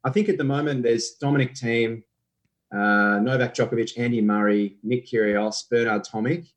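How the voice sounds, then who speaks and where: A man's voice: medium pitch, steady tone, moderate pace, poor audio. A young Australian man, a guest impressionist, chatting and telling stories on a podcast. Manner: chatty, storytelling, laughs easily. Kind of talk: casual podcast chat.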